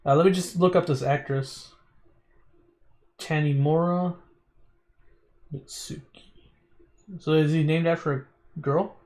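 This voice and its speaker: A man's voice: on the high side, fairly even intonation, measured pace, long pauses, darkish tone. Chatty male streamer reading aloud. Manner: casual, stumbles over words, chatty asides.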